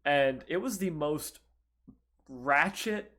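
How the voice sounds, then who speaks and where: A young man with a slightly high voice tells stories on a casual podcast. He is loud one moment and mumbling the next, and he swears freely. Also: slow pace. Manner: animated, profane, swinging between loud outbursts and mumbling. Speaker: podcast co-host.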